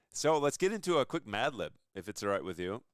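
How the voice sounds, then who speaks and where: A man's voice: lowish voice, smooth, dry recording, studio quality. A young man hosting a casual interview chat, talking enthusiastically and rambling between points. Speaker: show host.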